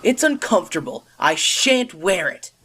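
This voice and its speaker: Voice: medium pitch, very animated, moderate pace, sharp tone, a little hiss or hum, pitched above the performer's own voice. A narrator voicing a stubborn, jealous young male engine who snaps and sulks. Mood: sulky. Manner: sulky, snappish.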